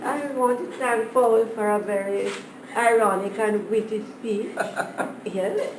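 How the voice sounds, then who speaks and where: A woman's voice: medium pitch, steady tone, slow, echoey room, distant mic, noisy background. A woman instructor cheerfully thanking a student after his speech, in a classroom. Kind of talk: classroom remarks.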